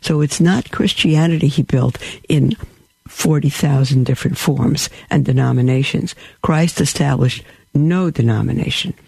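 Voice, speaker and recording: Male preacher, gravelly and dark-toned, dry close sound, teaching sermon that repeats key terms. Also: normal speed, no echo. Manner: teaching, repeats key words, rises high when quoting. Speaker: Catholic preacher.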